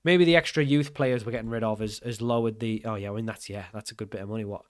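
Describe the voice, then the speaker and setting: A man's voice: lowish voice, fairly even intonation, quick pace, no echo, clean studio sound. A young man giving casual gameplay commentary, thinking aloud in a puzzled, self-mocking way as he works through his choices. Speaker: gaming channel host.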